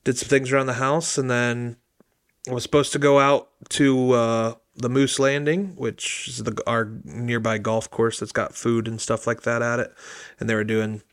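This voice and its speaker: A young man co-hosting a podcast, recounting his weekend in a laid-back, relaxed way. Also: medium pitch, dry recording, clean studio sound. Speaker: podcast co-host. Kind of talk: casual chat.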